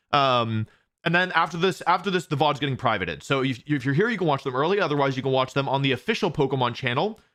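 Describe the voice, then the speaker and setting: A young streamer with a higher, slightly bright voice hosts a watch party, casually reading viewer questions aloud and answering them with lots of restarts.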